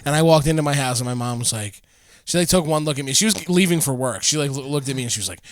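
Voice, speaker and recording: A man's voice: fairly high pitch, fast talker. Laid-back man telling a story. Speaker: podcast host. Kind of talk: casual chat.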